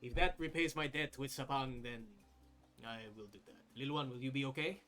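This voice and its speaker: A man's voice: mid-range voice, fairly quick, bright, forceful tone, faint music behind, natural voice. A man voicing a weary, easygoing male bodyguard who speaks reluctantly. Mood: resigned. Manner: sighing, reluctant.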